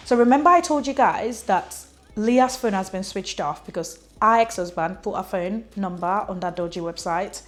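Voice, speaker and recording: A woman's voice: mid-range voice, normal speed. Chatty woman recapping a novel. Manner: chatty, fills speech with "like", acts out quotes. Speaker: book reviewer. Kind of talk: casual book recap.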